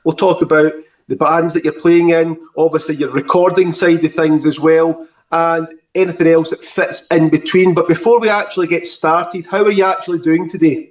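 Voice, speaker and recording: A man's voice: fairly high pitch, level tone, normal speed, echoey room, distant mic. A man hosting a music podcast, politely welcoming his guest. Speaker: podcast host. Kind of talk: casual interview opening.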